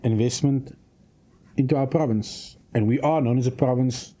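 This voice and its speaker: Measured official, dark voice. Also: male voice, medium pitch. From South Africa. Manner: measured, speaks in long policy statements. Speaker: provincial minister. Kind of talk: radio interview. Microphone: studio microphone.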